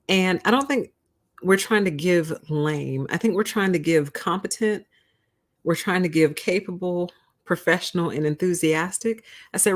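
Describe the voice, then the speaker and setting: A woman's voice: lowish voice, animated, normal speed. A young adult woman hosting a casual livestream, talking bluntly and candidly, laughing often and acting out what she said to others. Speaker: livestream host.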